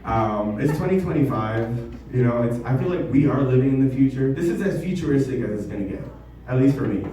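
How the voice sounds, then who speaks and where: A man doing a stand-up comedy set in a basement venue, talking in a halting, self-deprecating way with many ums. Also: mid-range voice, animated, warm tone, slight background noise. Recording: echoey basement room, mic from far off.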